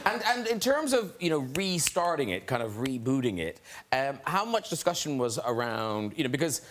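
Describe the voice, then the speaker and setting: A man's voice: medium pitch, big pitch swings, moderate pace, fairly bright tone, a little hiss or hum. A middle-aged man with an Irish accent hosting a chat show, asking guests chatty, laughing questions. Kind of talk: interview questions. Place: television studio with live audience.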